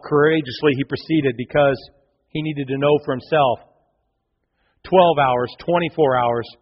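A male pastor preaching a sermon, telling a story with passion and big swings from loud to quiet. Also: medium pitch. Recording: long hall reverb, dull lo-fi sound.

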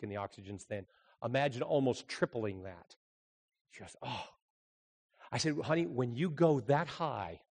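A man preaching a sermon, telling a family story and swinging between loud, urgent passages and hushed, slow ones. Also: mid-range voice. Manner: swings from shouting to hushed, dramatic pauses. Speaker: pastor. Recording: long hall reverb.

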